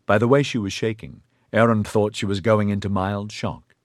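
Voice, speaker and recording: A man reading a novel aloud as an audiobook narrator in a steady, measured way. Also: fairly low pitch, no echo, studio quality. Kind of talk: scripted narration of a sci-fi novel.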